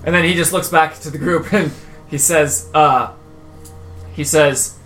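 A man acting as game master, narrating a tabletop game and voicing its figures in a measured, halting way with frequent restarts. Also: fairly high pitch, fairly even intonation, fairly bright tone, faint music behind, rough recording.

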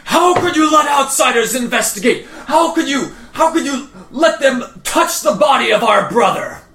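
A man voicing a furious, outraged regal brother who shouts his lines, in an echoey room. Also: very high-pitched, expressive, moderate pace, voice pushed up.

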